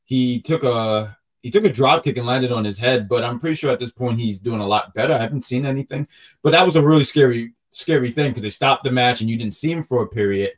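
A man co-hosting a wrestling podcast, excitable and quick to laugh, often stumbling over his words. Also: medium pitch. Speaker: podcast co-host. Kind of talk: casual wrestling chat.

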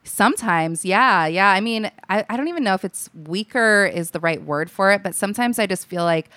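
A woman's voice: medium pitch, lively intonation, fairly quick, pushed and bright, dry recording. A young woman from Alaska, a podcast guest chatting casually, laughing often and restarting her sentences. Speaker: podcast guest, comedy writer. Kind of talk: casual chat.

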